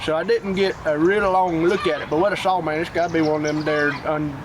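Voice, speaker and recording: A crude, bumbling country husband, played by a man, stammers and cusses as he rambles on, in a fairly high voice. He is recorded outdoors, with clear background noise. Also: fairly even intonation, a little fast, close to an everyday voice. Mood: rambling.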